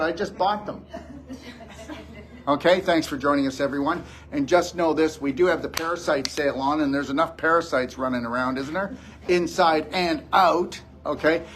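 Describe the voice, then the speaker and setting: A man's voice: fairly high pitch, a bit bright. A man giving a blunt, scolding motivational lecture to a live audience as a wellness show host.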